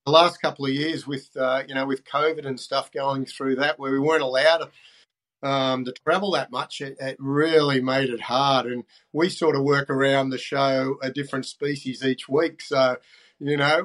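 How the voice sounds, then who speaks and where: Relaxed older man. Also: mid-range voice. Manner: relaxed, halting with many ums. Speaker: guest, fishing TV presenter. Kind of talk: casual interview talk.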